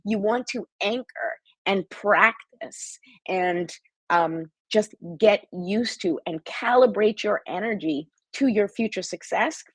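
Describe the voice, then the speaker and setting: A woman's voice: mid-range voice, slow, husky, no room sound, low-quality recording. A woman hosting a live-streamed motivational talk as a life coach, chatty and encouraging as she talks straight to her viewers.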